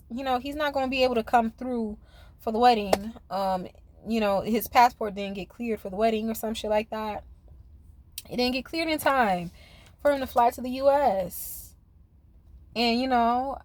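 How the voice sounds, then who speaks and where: Sassy woman chatting a TV recap. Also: on the high side. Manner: chatty, sassy, talks straight to the viewer. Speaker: reality TV reviewer. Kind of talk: casual recap commentary.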